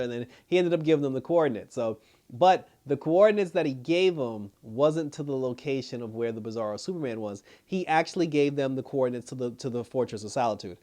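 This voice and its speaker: A man recapping a TV episode in casual talk, laughing often and acting out the characters' lines in a lower voice. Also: fast, dark tone. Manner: loose storytelling, laughing often, acting out quotes. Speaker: show reviewer.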